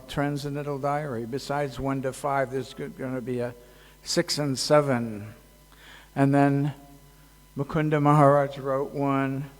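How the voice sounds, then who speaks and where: A man giving a casual devotional talk at a festival, halting and joking, with many fillers. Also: medium pitch. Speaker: speaker at a temple festival. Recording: long hall reverb.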